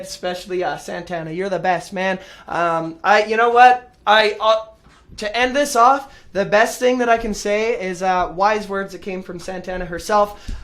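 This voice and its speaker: Worked-up ranting man, high voice. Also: a bit bright. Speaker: show host. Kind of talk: casual livestream commentary.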